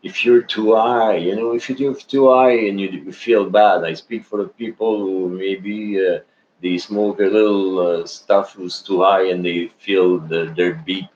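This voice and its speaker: Deep slow man. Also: darkish tone. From Canada. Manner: rambling and halting, with many restarts and fillers. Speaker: vlogger. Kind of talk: casual personal chat to followers. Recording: dull lo-fi recording with faint noise.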